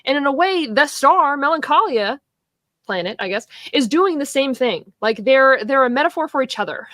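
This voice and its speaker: Woman co-host, casual film debate; teasing, laughs often, passionate. Mid-high voice, dry close sound. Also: lively intonation, moderate pace, a bit bright, no echo.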